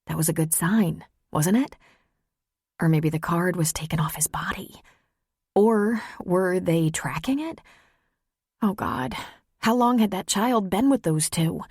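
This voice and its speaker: A woman narrating an audiobook in a tense, measured storytelling voice. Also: on the low side, a little mellow, breathy edge, no room sound, clean studio sound. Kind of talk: scripted narration.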